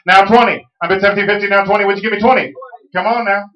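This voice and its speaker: A man auctioneer calling bids in a quick, repetitive chant. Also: high voice, fairly even intonation, muffled recording, crowd noise. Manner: rapid repetitive bid chant. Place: auction hall, live audience. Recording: echoey room.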